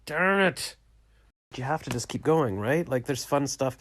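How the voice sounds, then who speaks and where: A man's voice: medium pitch, normal speed. A man recording a casual late-night video diary in his small home studio, rambling and reflective as he retells conversations. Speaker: vlogger.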